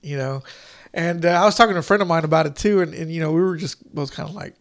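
A man's voice: on the high side, fast. A man rambling through a casual chat about movies, full of fillers, restarts and casual swearing.

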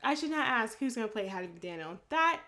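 A woman's voice: fairly high pitch, big pitch swings, a little fast, sharp tone. A young woman co-hosting a podcast in casual chat, blunt and swearing freely, laughing often. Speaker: podcast co-host.

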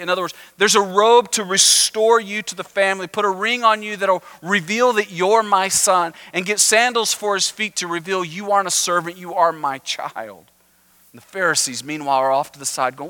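A male pastor preaching a sermon, animated and acting out the voices of the listeners in the story. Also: high-pitched, moderate pace.

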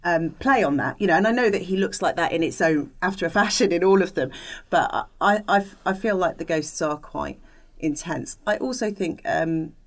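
A woman's voice: lowish voice, moderate pace. A woman co-hosting a podcast, talking in a thoughtful, hesitant way with many fillers and restarts. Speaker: podcast co-host discussing film ratings. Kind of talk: casual podcast discussion.

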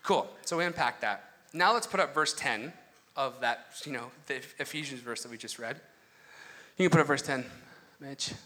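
A man's voice: mid-range voice, normal speed, sharp tone. A young man preaching a casual, conversational sermon, full of asides and personal stories. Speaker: pastor.

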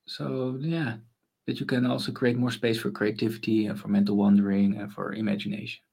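Relaxed man musing with many fillers. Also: fairly low pitch, brisk, creaky, husky. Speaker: guest, consultant on mental space. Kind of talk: casual interview conversation.

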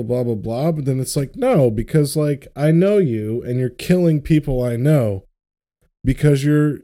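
Young man, podcast co-host, slow deliberate delivery, profane impassioned rant. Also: medium pitch, warm tone. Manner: ranting, profane, passionate about faith. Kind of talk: casual podcast chat.

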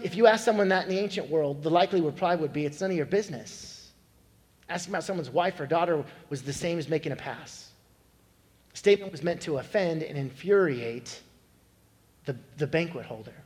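A man delivers a sermon in a noticeably high voice. He explains scripture plainly and slips into a joke, playing each character. His words ring out in a large, echoing hall. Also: darkish tone. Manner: storytelling preacher, acts out joke voices. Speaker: pastor. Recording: echoey hall with long reverb.

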